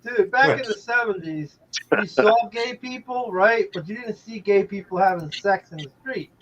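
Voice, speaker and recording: An older man in a casual live chat, blunt and crude, breaking into loud exclamations. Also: high-pitched, moderate pace. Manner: blunt, crude storyteller who exclaims loudly. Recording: lo-fi audio with crowd noise behind.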